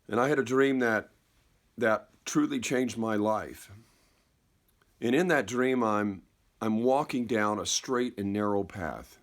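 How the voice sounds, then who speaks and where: Slow, halting male storyteller. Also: on the low side. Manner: slow, halting, repeats words, drops softer at key moments. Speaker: speaker. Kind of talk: reflective storytelling talk.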